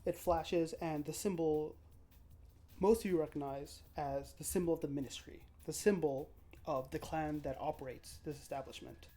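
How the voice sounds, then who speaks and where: Woman running a vampire tabletop game, low mellow voice, casual, swears a bit. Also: moderate pace. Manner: casual, descriptive, with fillers and swearing. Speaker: game master. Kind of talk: narrating a live-streamed tabletop game.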